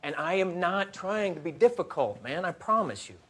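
A man's voice: high voice, lively intonation, normal speed, fairly bright tone. A man playing a nervous male record label executive who tries to placate an angry artist. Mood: placating. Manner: placating, then panicked screaming.

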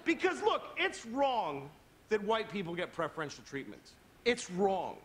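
A man performing a stand-up comedy routine on a live stage, telling a story with animated delivery and acting out other people's voices. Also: sits high, moderate pace. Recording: live show with loud audience laughter and noise.

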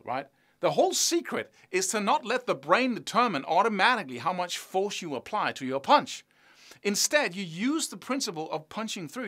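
A man's voice: on the high side, bright, forceful tone. A man teaching a guitar lesson on video in a chatty, self-mocking way, chanting rhythms aloud as he explains.

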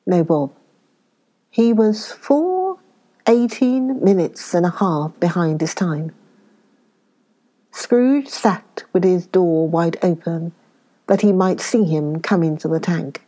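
A woman with a British accent reads a classic tale aloud. Her voice is mellow and warm, and she takes her time, leaning into each phrase with unhurried emphasis. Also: on the low side. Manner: expressive, slows down for emphasis. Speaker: storyteller. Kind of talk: dramatic reading of a classic story.

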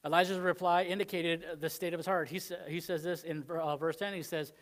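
A man's voice: on the high side, steady tone, fairly quick, hardly any pauses, a bit bright. A man with a Southern American accent preaching a sermon in a conversational way, acting out the quoted lines. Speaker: pastor.

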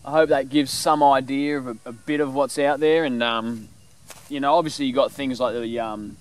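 A man's voice: medium pitch, normal speed, clean tone. Rambling man talking bushcraft. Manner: rambling, relaxed, full of fillers. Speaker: bushcraft vlogger. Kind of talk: casual explanation with animal call demos.

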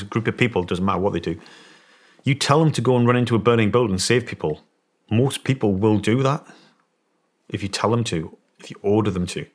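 A middle-aged British man, a former soldier guest on a podcast, telling a story and acting out the voices of people in it. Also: fairly low pitch. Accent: British English. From England. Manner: animated storyteller, acts out quoted voices. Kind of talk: storytelling in an interview.

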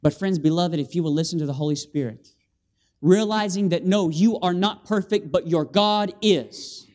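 A man preaching an animated sermon in a church, calling for amens from the congregation and acting out scenes with sound effects. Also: sits high, moderate pace. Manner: animated, with call-and-response and vocal sound effects. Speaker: guest preacher. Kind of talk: lively evangelistic sermon. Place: church sanctuary.

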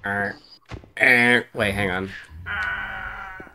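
A man's voice: medium pitch, sing-song, drawn-out words, vocal fry, noisy background. A man giving casual let's-play commentary on a horror game, thinking aloud and swearing often. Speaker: streamer playing a horror game.

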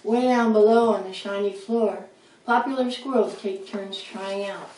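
A woman reading a children's storybook aloud in a calm narrating voice. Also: mid-range voice, normal speed. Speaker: storybook reader. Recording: roomy sound, mic at a distance.

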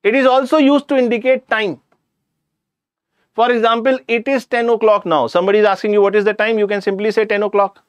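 A man's voice: high voice, fairly even intonation, fairly quick, no room sound. A man with an Indian English accent teaching a live online grammar class, chatty, addressing students directly and slipping in jokes.

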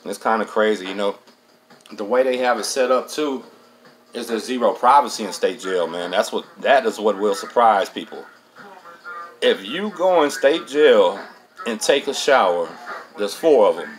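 A man's voice: medium pitch, rough recording. A middle-aged man hosts a casual storytelling monologue, streetwise and profane, dropping "man" into nearly every line. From Texas. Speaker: host.

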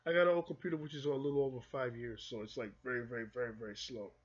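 A man's voice: mid-range voice, rapid-fire, muffled recording. A man from the United Kingdom who speaks with a mixed Jamaican and American accent, giving casual rambling commentary and reading an article aloud to his viewers. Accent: Jamaican-American mix. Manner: rambling, conversational, restarts often. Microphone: phone or computer mic.

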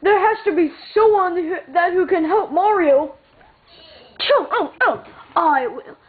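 A woman's voice: very high voice, animated, measured pace. A woman acting out a playful toy role-play with voices, melodramatic and full of worried wails. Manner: melodramatic, lots of 'oh no' wailing. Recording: tinny phone-like audio with faint hiss.

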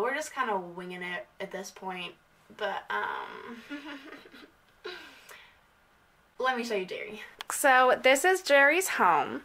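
A woman's voice: a little high, pushed and bright, distant mic. A young woman vlogging in a casual, rambling, giggly way. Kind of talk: casual vlog chat.

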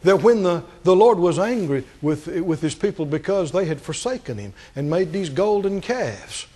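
A male pastor preaching a sermon to a congregation, asking them questions and climbing to high, emphatic peaks. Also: animated, normal speed, dark tone.

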